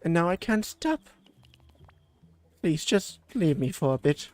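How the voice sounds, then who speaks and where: Brief: man doing a gentle weepy young woman, halting, higher voice, lively. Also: dry recording. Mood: tearful. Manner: emotional, halting.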